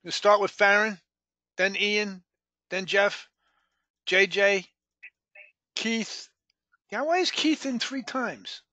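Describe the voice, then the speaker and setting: A man's voice: high-pitched, slow, long pauses, bright, forceful tone, dry recording. A man hosting a live sales training call, joking with the group and calling on people by name.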